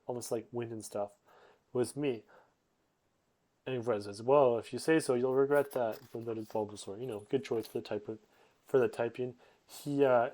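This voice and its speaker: Man, casual rambling retelling, lots of ums, mid pitch. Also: darkish tone. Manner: rambling, many fillers and restarts, voices characters loosely. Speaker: narrator summarizing a comic.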